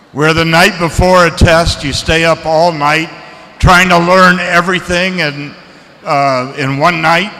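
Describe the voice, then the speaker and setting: A man giving a seminar lecture to students, lively and chatty, asking the audience questions. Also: on the high side, big-room sound. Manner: lively, asks the audience questions, acts out reactions. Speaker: seminar speaker. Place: lecture hall.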